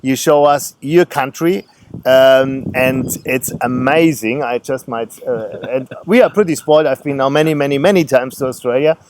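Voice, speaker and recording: A man with a German accent, a travel vlogger interviewing a guide in a friendly way, pausing often for words. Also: medium pitch, noisy background. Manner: friendly, searching for words, many fillers. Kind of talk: casual interview.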